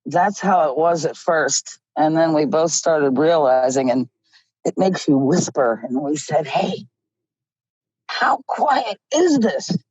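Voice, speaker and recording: Slow, low-voiced woman telling a story. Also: no room sound. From Ohio. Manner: slow, animated storyteller who laughs often. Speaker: guest. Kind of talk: casual storytelling. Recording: dull lo-fi audio.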